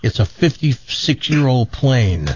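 A man's voice: medium pitch, animated, a little slow, darkish tone, a little hiss or hum. Chatty man hosting a radio show. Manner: chatty, repeats words while thinking. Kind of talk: casual studio banter and joke-telling. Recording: slightly dull, dry studio sound.

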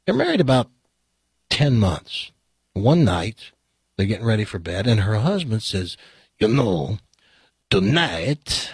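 Male radio host, storytelling, husky, lively delivery. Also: on the low side, takes it slowly, pauses often, dry recording, studio quality. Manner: animated storyteller, acts out the joke's voices. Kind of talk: casual talk radio with a told joke.

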